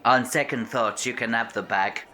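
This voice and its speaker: An actor playing a bumbling, loyal young French manservant with a put-on French accent in a comic radio play. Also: male voice, medium pitch, normal speed, bright, forceful tone, slight background noise, natural voice. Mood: flustered.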